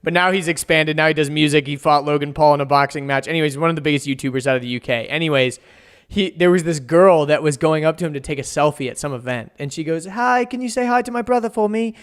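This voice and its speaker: A man's voice: fairly high pitch, steady tone, quick pace, smooth. A young man co-hosting a podcast, telling stories animatedly in casual chat and laughing easily. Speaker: podcast co-host.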